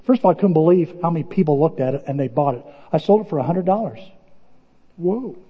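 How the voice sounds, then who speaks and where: A man preaching with a high, lively voice that jumps around as he tells a story. The voice is husky, and the sermon is heard through dull, lo-fi audio with a long reverb from a church sanctuary. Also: fast. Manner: animated, storytelling, shouting bursts of excitement. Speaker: pastor.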